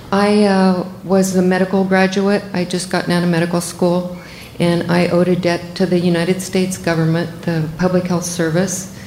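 A woman's voice: lowish voice, a little mellow, echoey room, a little hiss or hum, rough recording. Older woman doctor telling a story. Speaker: physician telling a personal story. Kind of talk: first-person storytelling.

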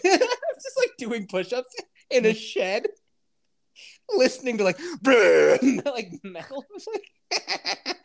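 In a casual podcast chat, a man in his thirties tells a long story, his pitch wandering all over the place. He's animated and profane and laughs often, yet keeps a measured pace with long pauses.

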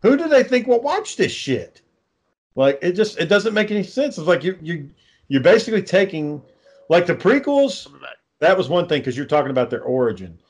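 A man with a slightly high voice rants in casual conversation, cursing freely and mocking what he dislikes. His delivery is loose and sarcastic, with plenty of restarts as he works himself up. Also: sing-song, normal speed, slightly rough. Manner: ranting, sarcastic, swears constantly. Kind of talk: casual profane chat.

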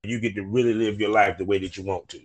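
A man's voice: fairly low pitch, fairly even intonation, fast talker. Southern guy in his 40s, country twang, easygoing podcast host, loose slangy talk. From North Carolina. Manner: laid-back, laughs often, loose slangy talk. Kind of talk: casual interview chat.

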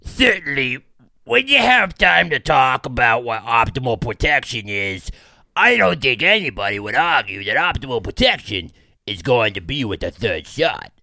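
A man imitating a raspy older male official with a slow, droning delivery. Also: mid-range voice, very animated, pushed and bright, no room sound, voice pushed up, heavily acted.

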